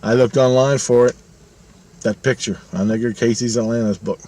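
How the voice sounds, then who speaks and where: Middle-aged male vlogger, casual monologue, swears a lot, rambles, average pitch. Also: normal speed. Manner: profane, rambling, animated retelling.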